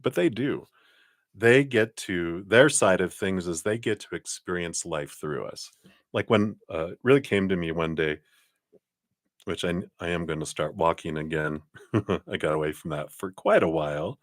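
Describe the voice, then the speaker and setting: Man, very low voice, dry close sound, chatty tarot reader, upbeat and rambling. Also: moderate pace, no room sound. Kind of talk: live-stream tarot reading.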